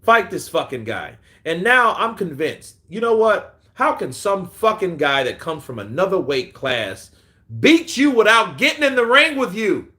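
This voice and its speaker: A man's voice: sits high, unhurried. A man hosting a casual boxing livestream, reading chat aloud, swearing freely and laughing often. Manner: profane, animated, laughing often. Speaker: boxing channel host.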